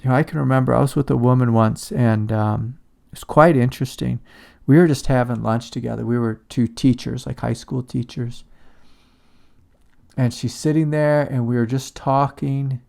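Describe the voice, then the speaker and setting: A man giving a calm, reflective spiritual talk as a teacher. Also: mid-range voice, moderate pace, vocal fry. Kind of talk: satsang talk on shadow work.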